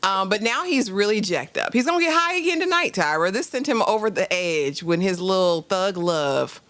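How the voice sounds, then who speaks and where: A woman's voice: mid-range voice, sing-song, normal speed, a bit bright. A woman co-hosting a casual TV review chat, amused and incredulous. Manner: amused, incredulous, laughing asides. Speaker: co-host reviewing a TV drama.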